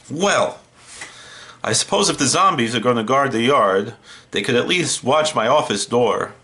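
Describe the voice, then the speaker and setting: A horror show host doing a comic one-sided phone call, dry and deadpan. His pitch rises and falls a lot, and his voice sits in a mid register. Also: slow, pauses often. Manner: deadpan, wry.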